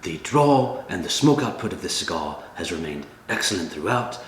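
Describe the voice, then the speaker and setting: A man hosting a comedic review, talking in a dry, deadpan way. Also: deep voice, normal speed. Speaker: cigar reviewer, channel host. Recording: echoey room with faint ambient noise.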